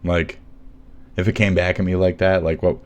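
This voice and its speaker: A man's voice: low voice, level tone, moderate pace, dull audio. A man livestreaming, rambling sardonically and mumbling replies to his chat. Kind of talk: rambling live stream chat. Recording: noisy background.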